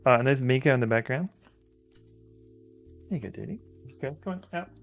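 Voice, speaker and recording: A man's voice: mid-range voice, animated, a little fast, faint music behind. An Australian man chatting casually while streaming a game at home, rambling and talking fondly to his dogs. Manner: rambling, chatty, fond baby-talk to dogs. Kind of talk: casual live-stream chat.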